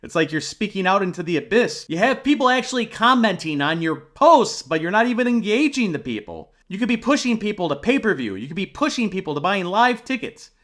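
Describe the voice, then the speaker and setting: A man with a high, lively voice walks through a channel on screen as a reviewer. He sounds exasperated, critiquing as he goes and asking one rhetorical question after another. His pitch swings widely. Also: a little fast, hardly any pauses. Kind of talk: screen-share commentary.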